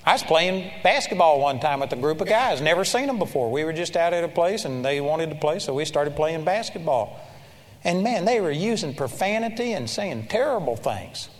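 Older guy preaching, kinda high voice, big hall echo, tells stories all fired up. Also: normal speed. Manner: animated storytelling, shouting praise in quotes. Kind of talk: sermon. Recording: long reverb of a large hall.

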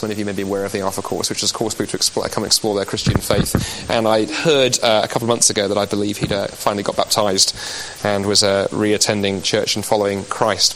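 A man's voice: lowish voice, a bit bright, a little hiss or hum, low-quality recording. A man with an English accent giving a live, conversational and persuasive Christian apologetics talk to an audience, dropping frequent "you know" asides.

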